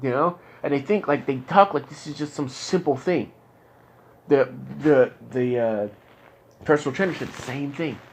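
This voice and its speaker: A young man in the middle of a candid conversation. He talks at an ordinary middle pitch, frustrated and rambling, circling back over his words with halting restarts. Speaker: client in therapy. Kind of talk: candid casual talk.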